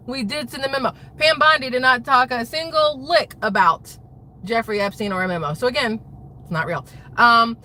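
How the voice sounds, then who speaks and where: A middle-aged woman vlogging casual political commentary, rambling and exasperated, jumping between thoughts as she talks fast. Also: medium pitch, bright, forceful tone, a little hiss or hum.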